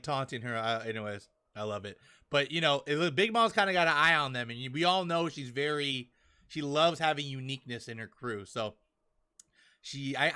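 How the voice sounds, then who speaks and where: A man hosting a casual podcast, excitedly recapping a comic chapter and acting out the characters' lines in quick bits, with frequent laughs. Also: fairly high pitch. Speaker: podcast host reviewing a manga chapter.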